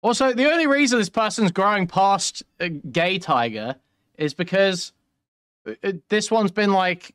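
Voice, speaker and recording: A man's voice: on the high side, fairly bright tone, no room sound, clean studio sound. A man co-hosting casual commentary, blunt and joking, laughing often. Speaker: co-host commentator.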